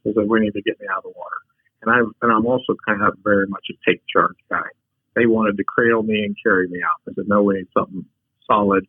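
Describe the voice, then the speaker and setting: A man's voice: lowish voice, breathy edge, dry recording. A man telling a frank personal story as a podcast guest, a take-charge talker who often restarts his sentences. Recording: tinny phone-like line.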